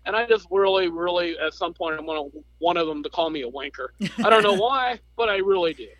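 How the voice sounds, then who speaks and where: Easygoing co-host, man with a somewhat high voice, dull remote-line sound. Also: lively intonation, a little fast, fairly bright tone, no echo. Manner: easygoing, joking. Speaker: podcast co-host. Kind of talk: casual chat.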